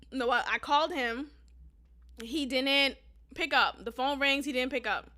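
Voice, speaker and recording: A woman hosting a podcast, telling a personal story in a casual, emphatic way, sometimes cursing and calling her listeners y'all. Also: sits high. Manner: emphatic, animated, profane, addresses listeners as y'all. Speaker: podcast host.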